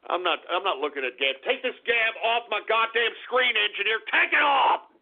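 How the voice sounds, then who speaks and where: A man doing a shrill, gravelly old radio crank. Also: heavily acted. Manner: explosive, shouting, cursing tirades. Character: cranky old male radio host, hot-tempered war veteran. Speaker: radio show host. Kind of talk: comedic radio character rant. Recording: tinny phone-like call-in radio line.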